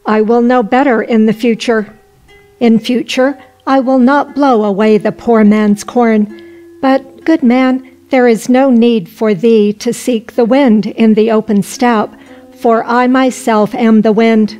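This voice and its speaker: A woman reading the lines of a stern male giant who is the wind, in measured, old-fashioned formal speech. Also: a little high, steady tone, mellow, natural voice, poor audio. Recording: faint music underneath.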